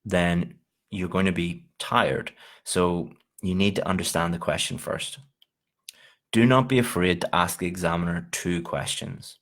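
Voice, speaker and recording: A man with a very low voice delivers an exam-preparation lecture. He keeps it informal and encouraging, with casual asides and an easy laugh now and then. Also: unhurried, fairly bright tone. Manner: informal and encouraging, with frequent "you know" and small laughs. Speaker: IELTS teacher. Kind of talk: recorded lecture.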